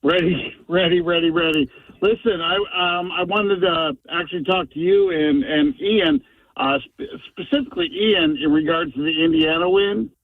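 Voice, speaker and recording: A man's voice: on the high side, moderate pace, no room sound. A man calling in to a radio show, hesitant and repeating words as he talks. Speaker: caller. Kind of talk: call-in radio talk. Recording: tinny phone line.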